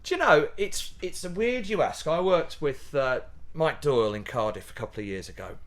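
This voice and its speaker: A pantomime comedian from Yorkshire, England, chats as a guest in a casual interview, animated and laughing and frequently restarting his sentences. His voice is on the high side and his pace moderate.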